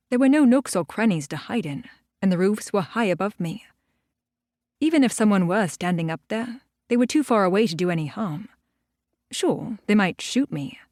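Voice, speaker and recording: A woman's voice: mid-range voice, darkish tone, no echo. A woman narrating a first-person paranormal audiobook in a wry, dry storytelling manner, recorded on a close studio mic.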